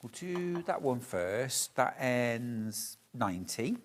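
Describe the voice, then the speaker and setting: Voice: mid-range voice, very animated, takes it slowly. A shopping channel presenter, chatting and gushing over fabrics during a live TV sale.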